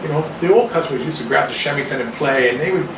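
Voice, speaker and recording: A man from Canada giving a casual talk to a small audience in a restaurant, rambling and animated, often acting out other people's voices. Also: on the high side, quick pace. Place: restaurant room. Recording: echoey room, distant mic, background noise.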